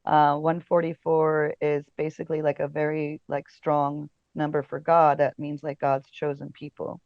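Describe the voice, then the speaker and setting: A chatty woman guest tells stories in a loose, easygoing way, full of fillers and quick laughs. Her voice sits at a middle pitch. The sound is dry and a little dull, as on a modest podcast setup. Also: monotone, dry recording. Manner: chatty storyteller, many fillers, laughs often. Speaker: casting director and podcast guest. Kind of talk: casual interview chat.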